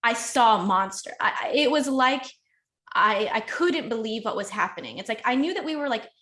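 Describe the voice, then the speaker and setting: Woman guest spilling a rough story, fairly high voice, emotional, lots of "like". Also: lively intonation, fairly bright tone. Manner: emotional, rushed, heavy use of "like". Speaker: podcast guest. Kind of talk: candid conversational storytelling.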